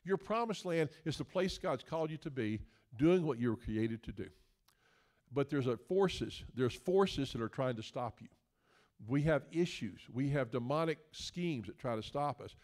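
A man's voice: mid-range voice, animated, normal speed, a little mellow. A male guest preacher, delivering a folksy, joking sermon that builds into emphatic questions.

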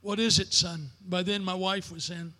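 High, bright-voiced preacher in an echoing hall. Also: male voice, steady tone, normal speed. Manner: preacher's cadence, building to shouted declarations. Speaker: pastor. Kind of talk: sermon. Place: church sanctuary.

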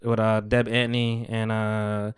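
A man's voice: lowish voice, slow, clear, resonant tone, no echo, clean studio sound. A young man hosting a podcast, telling a story in casual chat and acting out the people in it. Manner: animated storyteller acting out quotes. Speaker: podcast host.

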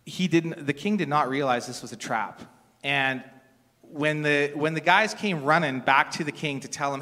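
A man's voice: a little high, normal speed, sharp tone. A middle-aged man preaching a sermon in a conversational, storytelling way, sometimes restarting his sentences. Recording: long reverb of a large hall.

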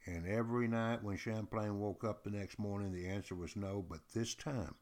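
A man telling a history story aloud in a lively, folksy way, speaking straight to the listener. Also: lowish voice, normal speed. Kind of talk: oral storytelling.

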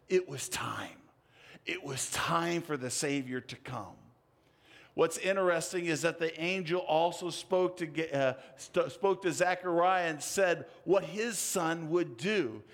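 A man preaching a sermon, telling a story dramatically with big swings in pitch and loudness. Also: lively intonation, slow pace.

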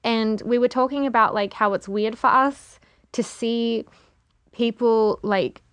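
A woman's voice: a little high, steady tone, unhurried, smooth, dry recording, dull audio. An Australian woman guest chatting casually, rambling with lots of fillers. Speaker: guest model. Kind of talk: casual chat.

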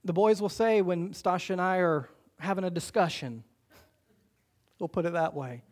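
A middle-aged pastor delivering a sermon, stretching out quoted scripture slowly and rushing through his calls to unity. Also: sits high, darkish tone. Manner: emphatic preacher, slows for quoted scripture, speeds up for exhortations.

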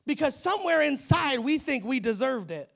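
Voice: high-pitched, sing-song, moderate pace, vocal fry. A preacher giving a sermon in a conversational, humorous storytelling manner and speaking straight to the congregation. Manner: addresses the congregation directly.

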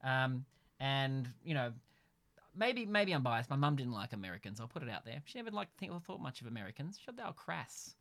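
A man's voice: medium pitch, very animated, a little fast, gravelly, a bit bright. Wry rambling Australian man. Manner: dry, wry and rambling, with many fillers. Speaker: podcast co-host. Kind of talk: casual chat. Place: a house in the evening.

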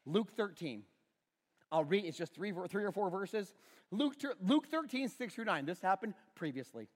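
A man's voice: high-pitched, long reverb tail. A middle-aged male pastor preaching a sermon, telling a story about his son with self-deprecating humor in a church auditorium.

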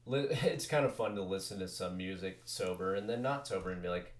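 A man's voice: low voice, brisk. A man hosting a podcast, chatting casually in a rambling, filler-heavy way and swearing now and then. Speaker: podcast host. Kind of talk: casual chat.

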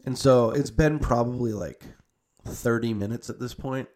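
A man's voice: mid-range voice, normal speed, darkish tone. A young man telling a long family story in casual, rambling speech full of "like" and restarts. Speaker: storyteller recounting a family visit.

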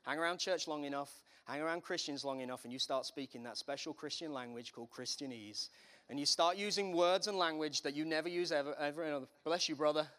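A man's voice: on the high side, fast talker, fairly bright tone. A man preaching a sermon as pastor, in a conversational way with humorous asides.

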